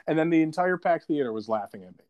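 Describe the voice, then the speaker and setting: A man in his twenties on a casual podcast, telling a story in an animated, profane, dramatic way. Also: a little high, fast talker, muffled recording. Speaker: podcast co-host.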